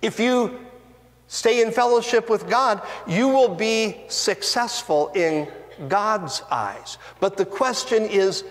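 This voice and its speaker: A man pastor preaching a sermon in a church sanctuary, earnest and deliberate, with rising and falling emphasis. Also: high voice, a bit bright. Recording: long reverb of a church hall.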